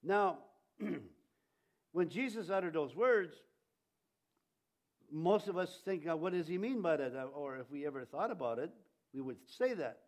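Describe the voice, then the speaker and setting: A middle-aged male pastor giving a conversational Easter sermon, animated with jokey asides and audience questions. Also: a little high, measured pace, long pauses.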